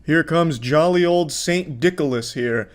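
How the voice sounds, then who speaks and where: A man's voice: on the high side, unhurried, noisy background. A man doing sarcastic, profane reaction commentary over video clips, mocking the people in them.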